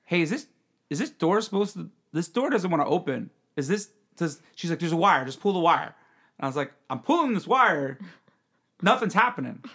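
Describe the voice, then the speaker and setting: With a brisk pace and a voice on the high side, a young podcast host chats casually through a story. He performs the quoted voices of its characters with animation and laughs a lot.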